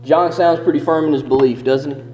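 A man preaching a sermon, reading scripture and explaining it in an earnest, emphatic way, slowing down on key verses. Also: fairly high pitch, fairly even intonation, darkish tone, a little hiss or hum. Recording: echoey hall with long reverb.

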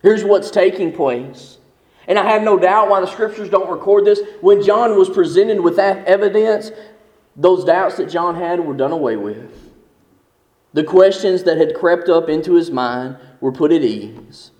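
A man preaching a sermon, reading scripture and explaining it in an earnest, emphatic way, slowing down on key verses. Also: high-pitched, a little mellow. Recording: echoey hall with long reverb.

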